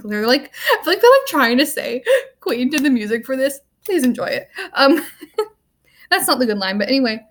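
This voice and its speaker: A young woman with a slightly high voice rants about a film straight to the camera. She rambles, leaning on "like" and "um" as she goes, with a wry, offhand edge. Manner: rambling, full of "like" and "um". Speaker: student vlogger. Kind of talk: casual movie rant to camera.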